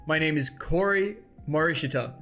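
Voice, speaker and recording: A man's voice: fairly high pitch, moderate pace, a bit bright, faint music behind. A man reading aloud the part of a defiant young woman who leads a protest, in a firm, urgent way.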